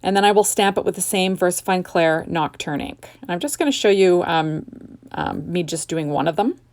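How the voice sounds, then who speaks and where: A middle-aged woman talks through her card-making steps in a relaxed, chatty way. Her voice sits a little low with a gravelly edge. She wanders through fillers and restarts as she works at home. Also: normal speed. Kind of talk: casual crafting tutorial voice-over. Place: home craft room.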